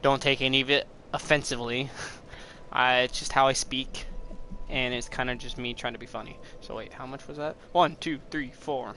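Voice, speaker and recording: A man's voice: medium pitch, steady tone, normal speed, bright, forceful tone, slight background noise. A young man giving casual, rambling commentary as he plays a game, cursing at it now and then. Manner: rambling, swears at the game, breaks into frustrated outbursts. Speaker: gameplay commentator. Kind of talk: casual let's play commentary.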